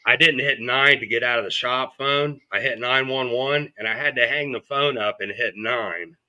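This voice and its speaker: A man's voice: mid-range voice, normal speed, bright, forceful tone, clear, resonant tone, lo-fi sound. A man as a podcast guest, telling his story bluntly and with lots of swearing, acting out what people said. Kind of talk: storytelling in an interview.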